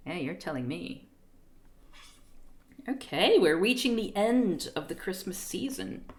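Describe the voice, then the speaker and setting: A woman streamer reads a book aloud on a live stream with a lively pitch that rises and falls a lot. She keeps breaking into giggles and chatty asides and trips over unfamiliar words.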